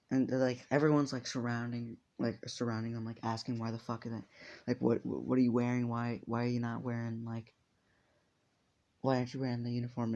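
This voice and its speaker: A man's voice: medium pitch, darkish tone, muffled recording. A man improvising a fan story aloud, rambling and swearing casually as he goes. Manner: rambling, profane, off-the-cuff.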